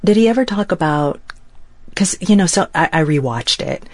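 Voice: medium pitch, animated, moderate pace, no echo. An interviewer host asking questions and weaving in personal asides. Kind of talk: interview conversation.

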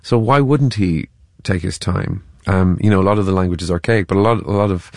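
A man with a very deep voice talks through his work as an actor, often stumbling over his first words before settling into a thought. The sound is dry and close, with no room around him. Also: a little fast, darkish tone, no echo. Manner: stammering restarts, thoughtful, laughs easily. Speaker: actor, interview guest. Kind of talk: reflective interview talk.

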